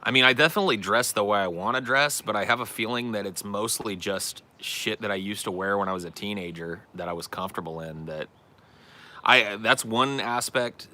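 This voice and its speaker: A man's voice: fairly low pitch, fairly quick, bright, forceful tone. A man hosting a casual show, reading out viewer questions and answering them in a blunt, profane, self-deprecating way. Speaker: podcast host answering chat questions. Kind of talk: casual chat.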